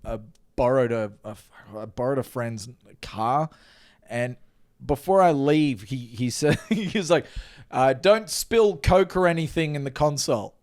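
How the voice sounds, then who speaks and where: A man's voice: medium pitch, measured pace. A man, co-hosting a casual comedy podcast, telling stories and acting out quotes. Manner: animated storyteller, acts out quotes.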